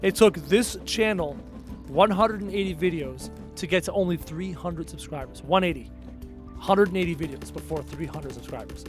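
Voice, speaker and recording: A man's voice: on the high side, normal speed, soft background music. A man with a Canadian accent, streaming a game and chatting sarcastically with his viewers. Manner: chatty and sarcastic, answers chat aloud. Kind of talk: casual live-stream chat while gaming.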